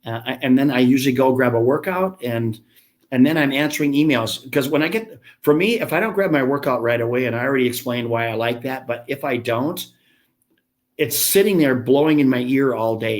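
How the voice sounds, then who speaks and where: A man in his fifties, a business founder telling blunt, chatty, self-mocking stories as a podcast guest. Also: mid-range voice. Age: 50s. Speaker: gym franchise founder, guest. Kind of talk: casual podcast interview.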